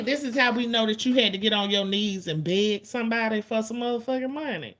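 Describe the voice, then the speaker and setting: A woman in her forties rants to her livestream chat in a fairly high voice. She talks in a blunt, profane, rapid-fire way. She stretches out the lines she wants to stress. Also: a bit bright. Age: 40s. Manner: drawn-out emphatic lines. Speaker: livestream host. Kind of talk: casual ranting to chat.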